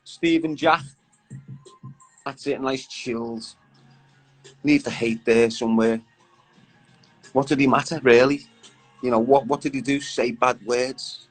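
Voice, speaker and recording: Lad doing a live chat, bantering with viewers, loose slangy talk, bit of music underneath. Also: male voice, mid-range voice, steady tone, slow, pauses often, poor audio. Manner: chatty, banters with commenters, slangy. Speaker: livestream host.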